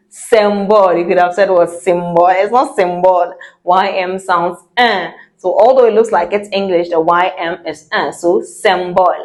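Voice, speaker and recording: A woman teaching French pronunciation at a relaxed, unhurried pace. She drills each word slowly and repeats it several times. A light laugh sometimes slips into her explanations. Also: mid-range voice. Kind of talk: pronunciation lesson.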